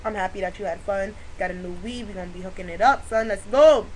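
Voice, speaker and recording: A young woman telling a funny story to her camera in casual slang, excitable and often breaking into laughter. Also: mid-range voice, quick pace, a little hiss or hum, low-quality recording. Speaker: vlogger.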